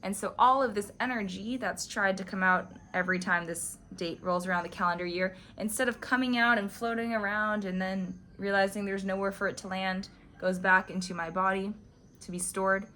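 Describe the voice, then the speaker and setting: A woman's voice: mid-range voice, steady tone, moderate pace, sharp tone, a little hiss or hum. A woman vlogger discussing spiritual teachings, telling a personal story in a casual, chatty way, full of "like" fillers. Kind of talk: casual reflective monologue.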